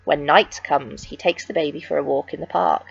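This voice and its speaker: A woman reading a children's picture book aloud with expressive, sing-song storytelling. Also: low-pitched, moderate pace, vocal fry, husky, dry recording, dull audio.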